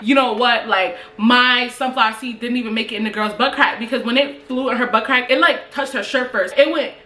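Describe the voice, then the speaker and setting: A woman telling a storytime vlog story in an animated, profane way, laughing often. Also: on the high side, fairly quick, hardly any pauses. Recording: echoey room.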